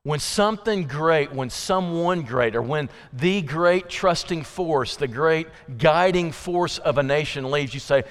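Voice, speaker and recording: A man gives an animated evening sermon at a measured pace, with hardly any pauses, in a church sanctuary heard through long hall reverb. His style is chatty and conversational: he questions listeners and acts out quoted voices with sudden pitch jumps.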